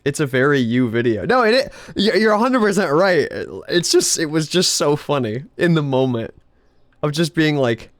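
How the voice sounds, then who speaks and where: Recorded with clean studio sound and no echo, this gamer chats on his live stream in a rambling way, laughing often and cursing freely. His voice leans high and fairly bright, with lively intonation at a moderate pace.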